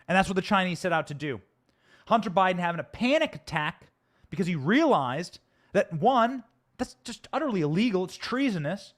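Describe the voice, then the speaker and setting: Furious, high-pitched male political ranter. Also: lively intonation, moderate pace, fairly bright tone. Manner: angry, emphatic, theatrical. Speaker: political commentary host. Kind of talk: heated political commentary rant. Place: studio.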